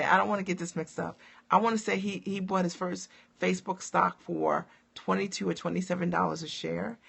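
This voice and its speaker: Upbeat woman coach, forties, gravelly edge to the voice, casual live-stream chatter. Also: on the low side. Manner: upbeat, chatty, many fillers and asides.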